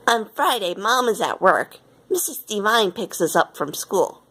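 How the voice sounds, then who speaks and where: A woman reading a children's picture book aloud in an expressive way. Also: medium pitch, normal speed, husky. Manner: expressive, with lively quoted lines. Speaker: storyteller.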